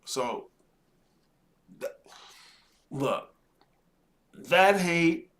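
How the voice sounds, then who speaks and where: A man hosting, giving slow, reflective commentary with sighs and pauses. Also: on the high side, expressive, a bit bright. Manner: slow, deliberate, sighing pauses. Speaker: host commenting on a podcast clip.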